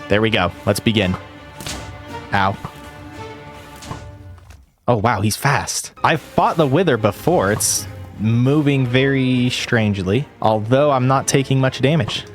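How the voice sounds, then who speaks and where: A young man giving excitable let's play commentary, yelping and exclaiming during a boss fight. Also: medium pitch, takes it slowly, long pauses, faint music behind. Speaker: gaming YouTuber.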